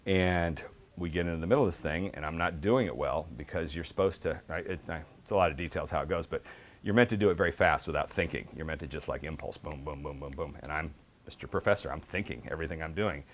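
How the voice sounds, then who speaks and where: Middle-aged man, author book talk, low pitch, animated casual storytelling, fillers. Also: fast.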